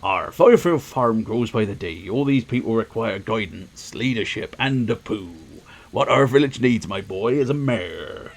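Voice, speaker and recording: A man's voice: lowish voice, animated, moderate pace. A man voicing a pompous old man in a video game who names himself mayor. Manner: pompous, grandiose.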